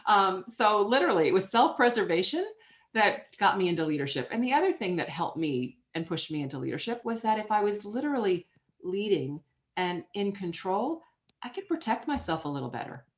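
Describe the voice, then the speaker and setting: A middle-aged woman answering interview questions as a guest author, telling stories in an emphatic, energetic way. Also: medium pitch, a little fast.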